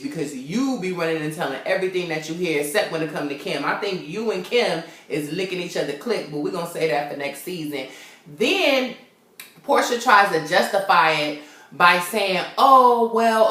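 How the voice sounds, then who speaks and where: Sassy woman vlogger, brash and profane, low voice, roomy echo. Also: fairly bright tone. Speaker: reality TV recap vlogger. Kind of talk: casual, sassy commentary.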